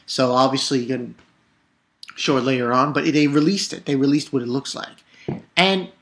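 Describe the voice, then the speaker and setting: A man's voice: medium pitch, steady tone, moderate pace. Rambling young man recapping an episode. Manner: rambling and profane, with many fillers and restarts. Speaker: anime episode reviewer. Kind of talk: casual episode recap vlog.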